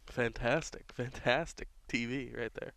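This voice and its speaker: A man's voice: medium pitch, steady tone, unhurried, fairly bright tone, slight background noise. A man doing casual, rambling play-by-play for a local baseball game, drifting into offhand jokey asides.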